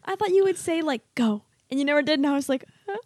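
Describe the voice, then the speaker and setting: A woman's voice: high-pitched, lively intonation, quick pace, a little mellow, no echo, studio quality. A young woman co-hosting a podcast, chatting casually in a giggly, rambling way. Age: young adult. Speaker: podcast co-host. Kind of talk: casual chat.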